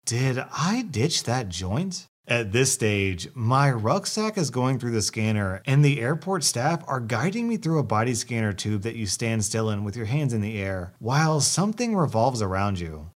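A man narrating online stories aloud in a scripted, expressive way. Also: medium pitch, moderate pace, hardly any pauses.

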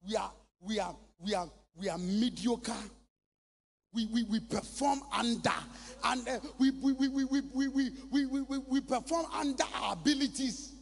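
A Ghanaian man preaching a sermon with impassioned, shouted bursts. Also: very high-pitched, moderate pace, creaky, slightly rough, faint music behind. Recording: long reverb in a large hall.

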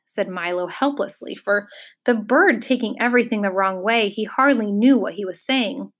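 A woman reading a children's fantasy novel aloud in a measured, expressive storytelling voice. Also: mid-range voice. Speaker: audiobook narrator. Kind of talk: scripted narration.

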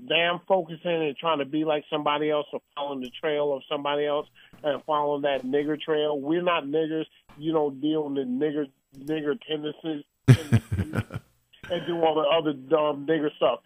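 A man's voice: fairly high pitch, steady tone, moderate pace, no echo. A man hosting an uncensored call-in talk show, ranting bluntly and heatedly. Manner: blunt, heated ranting with mocking put-on quotes. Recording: phone-line sound.

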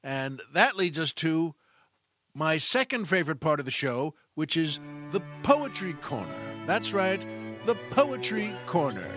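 A man who is a comic, hosting a show with a folksy, repetitive, drawn-out monologue. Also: on the high side, very animated, over music. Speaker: podcast host and stand-up comic. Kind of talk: comedic monologue.

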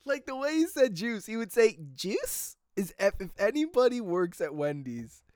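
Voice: mid-range voice, very animated, normal speed, a little mellow, dry recording, clean studio sound. A young adult from the United States telling a rambling story in a casual monologue, laughing often and drifting off topic. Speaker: vlogger.

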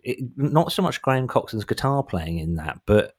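Podcast co-host, man in his forties, lowish voice, rambling and self-mocking. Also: very animated, moderate pace. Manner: rambling, self-deprecating, breaks into mock voices. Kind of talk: casual chat. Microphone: headphones, home mic.

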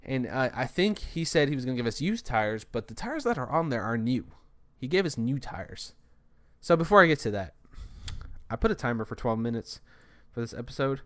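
A young man tells a story on his podcast in a loose, rambling way, running sentences together without breathing. He sounds worn out. His voice sits in an ordinary middle pitch. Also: big pitch swings, normal speed, a bit bright. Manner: rambling, long-winded, breathless. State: tired. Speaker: podcast host. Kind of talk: casual solo storytelling.

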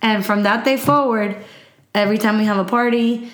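Woman, animated storyteller, mom, casual, roomy echo. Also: a little high, moderate pace. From Miami. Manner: animated storyteller, acts out quotes, laughs, code-switches to Spanish. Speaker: podcast co-host, mother. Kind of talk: casual chat.

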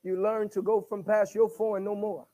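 A man preaching a sermon. He swings between shouted bursts and hushed asides, stuttering on repeated words and calling for replies. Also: sits high, flat delivery, normal speed, faint music behind.

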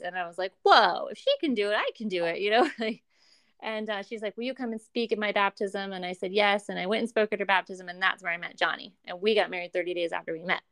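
A guest with a smooth, mid-range female voice tells a long personal story in casual conversation. She's animated, acting out the voices of the people she quotes and laughing often.

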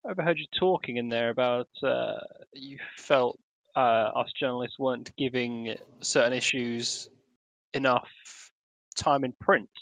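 A man playing a tabletop game, playful and quick, often speaking in character as a reporter. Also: medium pitch, fairly bright tone, no echo. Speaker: player.

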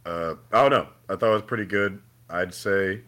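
A man co-hosting a podcast in casual chat, profane and animated, acting out scenes with laughter. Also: deep voice, moderate pace. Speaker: podcast co-host.

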